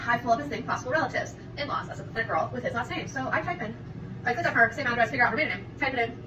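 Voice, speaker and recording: A woman telling a dating story in a storytime clip at home, in rapid, animated gossip. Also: a little high, echoey room, distant mic, lo-fi sound, noisy background. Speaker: TikTok storyteller. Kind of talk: storytime vlog. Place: home kitchen.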